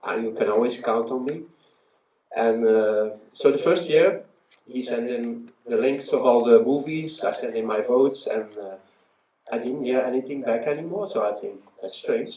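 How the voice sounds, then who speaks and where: A man presenting an award at a ceremony, speaking haltingly with many filler pauses; recorded in an event venue from a distance. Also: medium pitch, warm tone. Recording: roomy, distant, dull sound.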